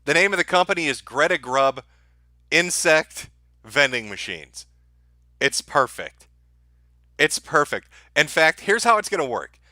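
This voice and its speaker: A man's voice: a little high, very animated, measured pace, pauses often, bright, forceful tone, dry recording, clean studio sound. A man hosting a livestream, ranting sarcastically and profanely and laughing at his own jokes as he reads viewer super chats. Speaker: livestream host.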